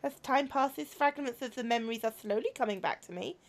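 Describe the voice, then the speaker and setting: A woman voicing a young, gentle robot girl in a visual novel, speaking softly and earnestly with a sorrowful, wistful tone. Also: on the high side, a little fast, natural voice. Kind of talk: reading a visual novel aloud.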